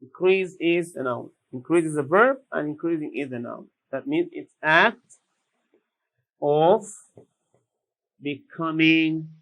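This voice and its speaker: A man teaching English vocabulary, repeating each word slowly and deliberately. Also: a little high, fairly bright tone, rough recording. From Sudan. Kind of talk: slow classroom vocabulary lesson.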